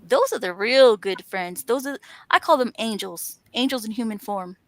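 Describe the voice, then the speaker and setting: A woman's voice: fairly high pitch, normal speed, no echo. A woman talking in an earnest, encouraging way, stacking up emphatic lists. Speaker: author and panel host. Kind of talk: motivational casual chat.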